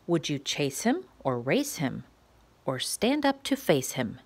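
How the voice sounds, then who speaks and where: A woman reading a rhyming picture book aloud to preschoolers, asking playful questions in a gentle, sing-song way. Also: low-pitched, big pitch swings, takes it slowly, breathy edge. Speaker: children's story reader.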